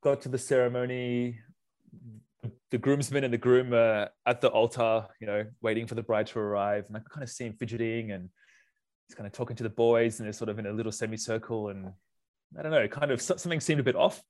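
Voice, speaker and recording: A man's voice: mid-range voice, quick pace. A man, a wedding photographer telling stories in a casual interview, acting out the people he quotes. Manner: animated, acts out quotes in raised voice. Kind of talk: casual storytelling.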